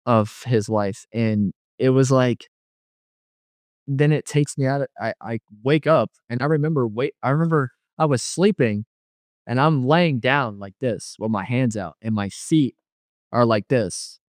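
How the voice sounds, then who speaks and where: A man's voice: mid-range voice, measured pace, dry recording, clean studio sound. A young man telling a personal faith story in casual, slangy speech, acting out his own past reactions. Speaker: guest sharing his testimony.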